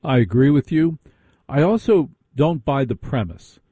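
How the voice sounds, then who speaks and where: Man, late-night call-in radio host, dry teasing banter, mellow dark tone. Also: mid-range voice, expressive, a little slow, husky.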